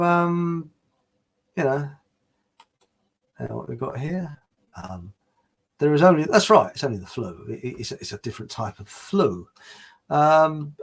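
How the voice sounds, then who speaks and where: A man's voice: on the high side, gravelly, slightly rough. A man hosting a livestream, chatting casually and rambling through anecdotes and viewer comments with plenty of fillers and restarts.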